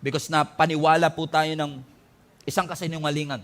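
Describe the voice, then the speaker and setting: A man's voice: fairly high pitch, level tone, quick pace, a bit bright. A man with a Filipino accent preaching a sermon as pastor, with emphatic rises and calls to the congregation.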